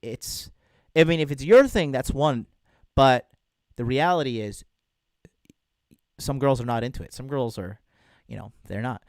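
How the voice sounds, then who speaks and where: A man's voice: mid-range voice, expressive, unhurried, pauses often, no echo, studio quality. A man hosting a casual livestream as a dating coach, talking bluntly and crudely to viewers and reading out chat.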